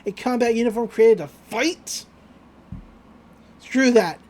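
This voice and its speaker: A woman's voice: a little high, slow pace, darkish tone. A woman on a podcast voicing a defiant, tough teenage girl fighter in a blunt, raised voice.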